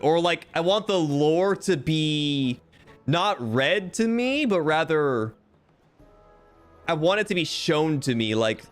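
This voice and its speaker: A young man streams a game and chats casually in a fairly high voice, his pitch swinging widely as he swears and jokes at himself. Soft music plays faintly behind him. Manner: animated, swears freely, chatty and self-mocking. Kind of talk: casual livestream chat while reading game text aloud.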